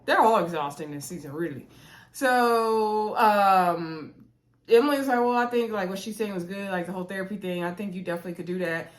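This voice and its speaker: A woman hosting a casual reality show recap, chatty and animated, acting out quotes with playful voices. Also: on the low side, brisk.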